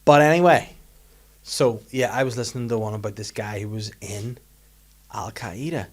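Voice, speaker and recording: A man's voice: lowish voice, moderate pace. A man, hosting a casual podcast chat and joking around with silly voices. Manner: jokey, slips into silly put-on voices. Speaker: podcast host.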